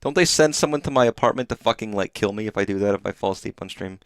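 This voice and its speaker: A man's voice: lowish voice, fast talker, clean tone, no echo, studio quality. A man streaming live gameplay, rambling and swearing casually, sounding exhausted and sleepy. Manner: rambling and profane.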